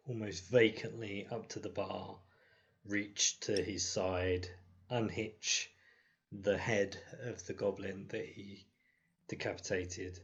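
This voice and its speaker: Slow gravelly deadpan male player. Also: lowish voice. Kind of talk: tabletop game play. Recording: dull lo-fi mic with faint noise.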